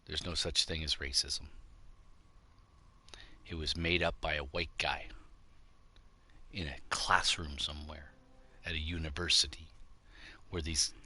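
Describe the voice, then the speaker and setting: A man's voice: deep voice, sharp tone. A middle-aged man hosting a show, delivering a blunt, combative opinion monologue. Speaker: show host.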